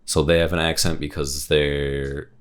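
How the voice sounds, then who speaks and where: A man hosting a casual interview show, hesitant and filling pauses with "um". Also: rumbling low, little pitch movement, smooth. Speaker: host.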